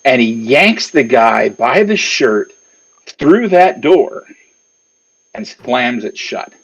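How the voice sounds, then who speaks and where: A man's voice: mid-range voice, sing-song, takes it slowly, a bit bright, breathy edge, highs cut off. A man narrating a tabletop game as game master, meandering with lots of fillers.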